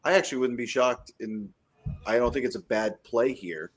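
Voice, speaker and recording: A man co-hosting a casual fantasy football podcast, telling animated stories and acting out scenes. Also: medium pitch, normal speed, husky. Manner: animated storyteller, acts out scenes. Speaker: podcast co-host.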